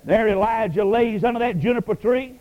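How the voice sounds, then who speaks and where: A man preaching a sermon, swinging from ringing emphasis down to a near hush on key words. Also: high-pitched, a little fast. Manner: rises and falls sharply, dropping to a hush on key words. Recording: dull lo-fi radio broadcast.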